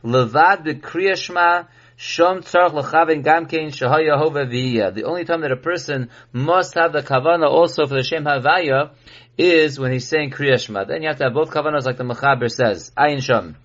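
A rabbi giving a recorded Torah class, reading Hebrew text and explaining it in English. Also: male voice, on the high side, moderate pace, a bit bright. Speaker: rabbi teaching halacha. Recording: dull lo-fi recording.

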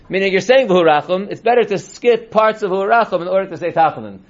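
A man teaching a text-based class as a rabbi, reading passages slowly and then explaining them in a plain tone. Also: high voice, expressive. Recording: dull lo-fi recording.

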